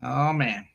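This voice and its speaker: Man, live-stream host, casual rambling chat, gravelly voice, laughs a lot. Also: on the high side, muffled recording. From United States. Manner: rambling, jokey, laughs often, reads chat aloud.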